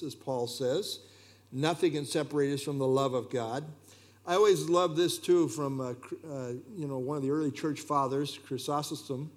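A man's voice: fairly high pitch, lively intonation, moderate pace. A man preaching a sermon emphatically and repeating his key phrases.

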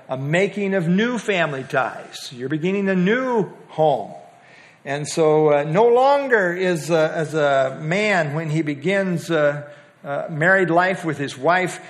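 An older man teaches a Bible passage in a relaxed, conversational way. His voice sits a little higher than most men's, and he often stops to restart a thought. He slips in homespun humor as he explains the verses. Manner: halting, with frequent "uh" and restarts; folksy, with light humor.

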